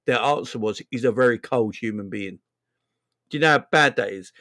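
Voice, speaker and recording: A young man from England hosting a fan live stream, animated and laughing, with lots of slang and repetition. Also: mid-range voice, moderate pace. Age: young adult. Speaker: fan channel host. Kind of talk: casual live-stream chat.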